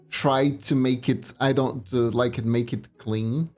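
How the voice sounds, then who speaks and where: A man chatting casually on a livestream, telling a story in a rambling, animated way. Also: medium pitch, takes it slowly, hardly any pauses, soft background music. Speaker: streamer.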